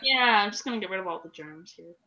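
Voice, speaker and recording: A woman's voice: medium pitch, lively intonation, fast talker, gravelly, pushed and bright, lo-fi sound. A woman co-hosting a podcast, chatting casually and telling a funny story while fighting a cold, in her thirties. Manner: chatty storyteller, laughing asides. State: coming down with a cold. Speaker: podcast co-host. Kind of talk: casual chat.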